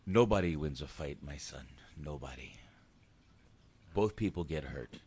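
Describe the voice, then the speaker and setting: A man's voice: a bass voice, animated, a little slow, a little mellow, breathy edge. A man in his thirties in casual chat, a laid-back, rambling and profane storyteller.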